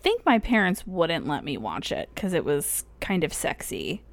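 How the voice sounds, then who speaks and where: A woman's voice: lowish voice, huge pitch swings, measured pace. A woman co-hosting a podcast in casual chat, talking frankly and swearing freely. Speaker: podcast co-host.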